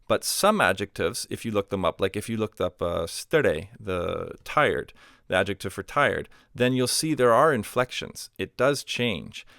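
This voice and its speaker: A man calmly teaching a recorded grammar lesson, explaining step by step with example phrases and a few ums and uhs. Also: lowish voice, gravelly, dry recording, clean studio sound. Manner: patient explaining with spoken examples, fillers like um and uh. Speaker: language teacher.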